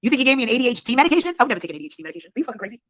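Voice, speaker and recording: A woman's voice: on the high side, sing-song, racing, fairly bright tone, no echo. A woman hosting a casual livestream chat, blunt and swearing freely, often laughing. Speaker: livestream host.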